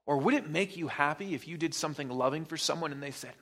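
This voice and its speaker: A man's voice: fairly high pitch, quick pace, hardly any pauses, a bit bright. A man preaching a sermon as pastor, pressing the listener with probing rhetorical questions and emphatic repetition.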